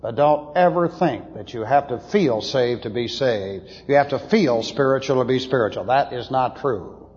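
A man preaching to a Bible class, blunt and opinionated, slowing down to press his points. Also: mid-range voice, darkish tone, slightly rough. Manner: blunt, opinionated, slows for emphasis. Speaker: pastor teaching a Bible class. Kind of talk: sermon lecture. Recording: dull lo-fi tape in a reverberant hall.

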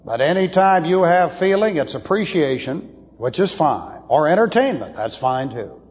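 Husky-voiced guy preaching, blunt and opinionated, dull old tape with long hall echo. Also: a little high, big pitch swings, darkish tone. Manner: blunt, opinionated, slows for emphasis. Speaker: pastor teaching a Bible class. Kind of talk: sermon lecture.

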